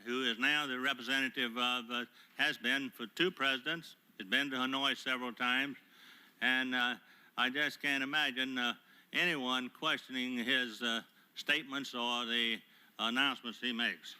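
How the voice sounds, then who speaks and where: In a hearing room, an older man, a retired admiral, reads prepared testimony into a table microphone, formal and measured with frequent hesitant pauses. His medium-pitched voice is steady, sharp, and smooth.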